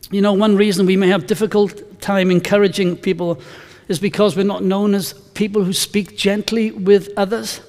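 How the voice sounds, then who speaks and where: Male pastor, conversational sermon, high voice, long church-hall reverb. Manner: conversational, anecdotal, emphatic scripture reading.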